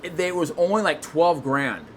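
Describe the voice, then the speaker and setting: A man who is a guest on a podcast, telling a long story in casual chat, excitable and rambling, with lots of restarts. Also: a little high, normal speed, a little hiss or hum.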